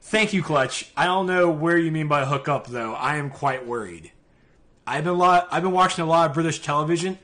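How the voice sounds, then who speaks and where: A man's voice: a little high, a bit bright. Chatty Southern man hosting a podcast. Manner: mumbles at times, chatty. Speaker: podcast host. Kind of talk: casual gaming podcast chat. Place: live-streamed podcast.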